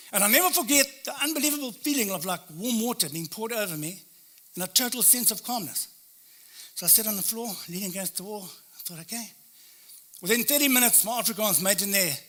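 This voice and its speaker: A man's voice: high voice, bright, forceful tone. A man, a motivational speaker, telling a first-person story in short, punchy phrases. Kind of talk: dramatic storytelling talk.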